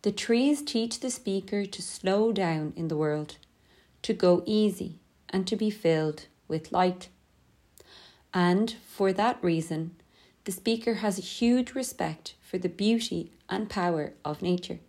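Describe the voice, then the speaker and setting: Woman reading a calm lesson. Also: on the low side. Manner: steady, measured reading. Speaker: teacher. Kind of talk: scripted lesson narration.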